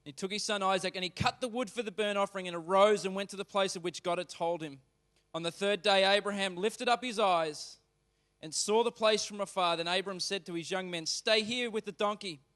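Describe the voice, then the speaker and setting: A man preaching as a pastor in church. He reads scripture aloud, then explains it in a casual, animated way, turning suddenly loud or quiet. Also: high-pitched, fairly quick. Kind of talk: sermon reading and explaining scripture.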